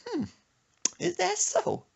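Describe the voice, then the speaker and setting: A man voicing a cranky, sharp-tongued old grandmother in a shrill high falsetto with a drawling, sassy delivery. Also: slow, natural voice. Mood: haughty.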